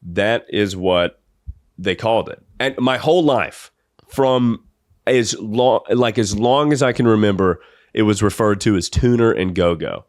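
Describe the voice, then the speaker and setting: A young man with a somewhat low voice tells a funny story on his podcast. He rambles and laughs as he talks, recorded close up on a dry mic. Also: measured pace, no room sound. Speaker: podcast host. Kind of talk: comedic storytelling.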